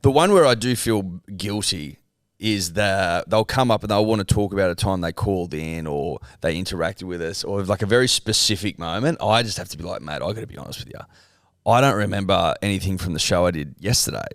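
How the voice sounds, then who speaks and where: An Australian man co-hosting a casual interview, relaxed with joking asides. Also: low voice, a little fast, no echo, clean studio sound. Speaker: host.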